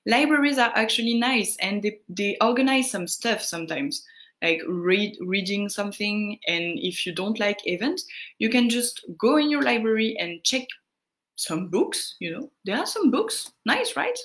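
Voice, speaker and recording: A woman with a French accent giving casual French lessons, answering viewer questions with frequent pauses and fillers. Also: medium pitch, lively intonation, a bit bright. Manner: unhurried, answering viewer questions, greets chatters; hesitant, many fillers. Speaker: French tutor on a live stream.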